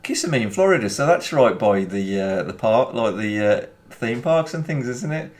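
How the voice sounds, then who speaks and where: A man's voice: mid-range voice, expressive, moderate pace, a little mellow. A man with a Birmingham accent chatting casually while playing a video game, rambling and chuckling often. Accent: Birmingham English. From England. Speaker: gaming YouTuber. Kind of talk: casual chat over gameplay.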